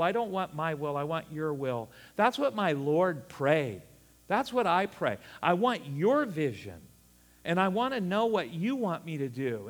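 A middle-aged man preaching a sermon, animated and folksy, with chuckling asides. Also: fairly high pitch, long reverb tail. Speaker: pastor.

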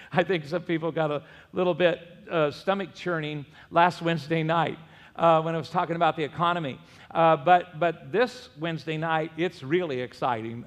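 A middle-aged man preaching a sermon, telling stories in an animated way and leading the congregation in call-and-response. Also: sits high. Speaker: pastor. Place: church sanctuary. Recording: long church hall reverb.

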